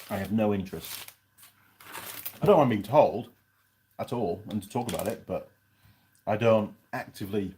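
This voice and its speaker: A man's voice: lowish voice, a little hiss or hum. A man hosting a casual live stream, reviewing a pie and chatting in a rambling way while he eats. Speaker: channel host reviewing pies on a live stream.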